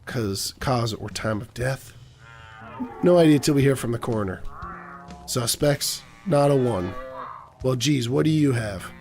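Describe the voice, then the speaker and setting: A man's voice: medium pitch, lively intonation, unhurried, long pauses, darkish tone, faint music behind. A man voicing a wisecracking male cat detective in a film-noir game, asking dry, joking questions.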